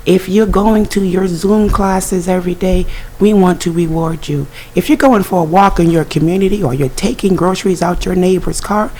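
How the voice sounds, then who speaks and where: Woman, scratchy gravelly voice, lowish, upbeat and promotional, radio guest. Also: warm tone. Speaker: guest, organization director. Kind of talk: casual radio talk.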